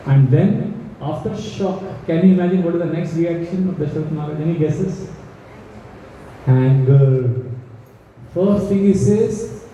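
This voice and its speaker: Male storyteller, high and mellow, lively scripture talk, echoey hall, mic at a distance. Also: unhurried, pauses often, a little hiss or hum. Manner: acts out the king's pleas in a raised voice; asks the audience questions. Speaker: temple speaker telling scripture. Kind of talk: storytelling discourse to a seated audience. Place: temple hall.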